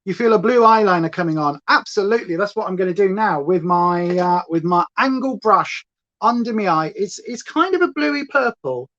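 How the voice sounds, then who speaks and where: A woman chats through a makeup livestream, wandering off on tangents and answering her chat. Her voice sits in a middle pitch. The sound is a touch dull and lo-fi. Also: lively intonation, moderate pace, fairly bright tone. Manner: rambling, reads chat aloud, playful. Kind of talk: chatty livestream makeup tutorial. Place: at home.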